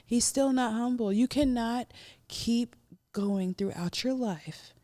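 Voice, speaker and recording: A woman co-hosting a podcast, telling stories in a blunt, animated way and laughing often. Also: a little high, slow pace. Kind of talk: casual chat.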